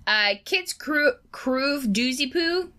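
A woman doing an impression of a goofy, excitable cartoon dog, drawing her words out. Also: sits high, slow pace, pitched above the performer's own voice, heavily acted.

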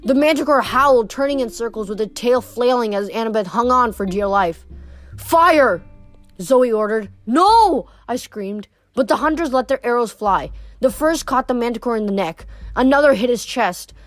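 A woman's voice: fairly high pitch, normal speed, few pauses, no room sound. A woman reading a novel aloud, stumbling and correcting herself now and then. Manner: casual, stumbles and self-corrects. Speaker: reader.

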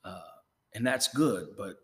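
A low-pitched middle-aged man speaks earnestly, sliding from easy chat into a preacher's cadence and doubling back on words. His voice carries a long reverb, as if the room were large and bare. He sounds like a pastor sharing his heart with a podcast host. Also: slow. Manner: earnest, emphatic, repeats words when stirred. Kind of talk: casual chat drifting into preaching.

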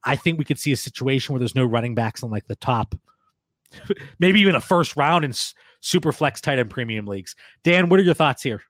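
A man's voice: mid-range voice, lively intonation, fairly quick, fairly bright tone, no room sound, studio quality. A man co-hosting a casual podcast discussion, steering the talk and passing questions to his co-hosts. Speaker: podcast co-host, fantasy football analyst.

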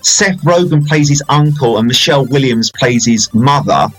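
A man's voice: mid-range voice, expressive, normal speed, a bit bright, soft background music, poor audio. A man, a film reviewer, chatting casually on a podcast, rambling with fillers and playful banter.

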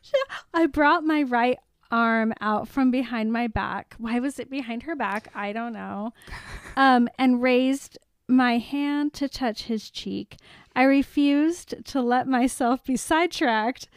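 Woman, high voice, unhurried, teasing exclamations, dry sound. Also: clear, resonant tone, no echo. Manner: exclaims and teases, laughs a lot. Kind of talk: casual book recap chat.

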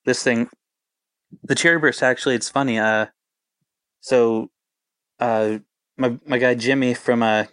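Laid-back rambling guitarist, even smooth voice. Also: male voice, medium pitch, unhurried, long pauses, dry recording. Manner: rambling, laid-back, full of filler words. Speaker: touring band guitarist. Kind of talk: casual interview storytelling.

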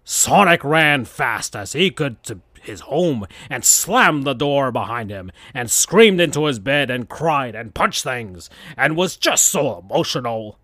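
A man hosting a podcast, reading fan fiction aloud in a slow deadpan comedic style. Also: medium pitch, no echo.

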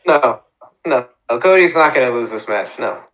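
A man's voice: medium pitch, expressive, unhurried, a bit bright, rough recording. A man co-hosting a wrestling podcast, chatting casually and joking, often acting out mock dialogue. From Florida. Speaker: podcast co-host. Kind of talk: casual chat.

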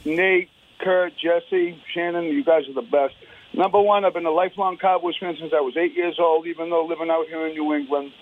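A man's voice: fairly high pitch, steady tone, a little fast, slight background noise. A man calling in to a sports talk show, emphatic and repeating himself with enthusiasm. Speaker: caller. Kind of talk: excited call-in chat. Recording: tinny phone line.

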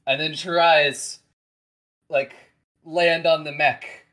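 A game master narrating a tabletop role-playing game. The speech is slow and soft, full of ums and restarts. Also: mid-range voice, fairly even intonation, poor audio. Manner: soft-spoken, hesitant with many fillers.

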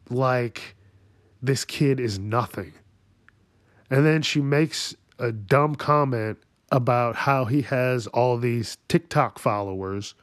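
A man's voice: medium pitch, no echo, studio quality. A man ranting crudely about news stories, laughing often between lines. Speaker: commentator. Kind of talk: profane news commentary.

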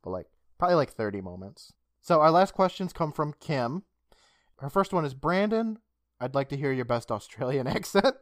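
A man's voice: fairly high pitch, sing-song, normal speed, dry recording, clean studio sound. A man co-hosting a podcast in casual chat, reading out listener questions in a chatty, giggly, upbeat way. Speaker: podcast co-host.

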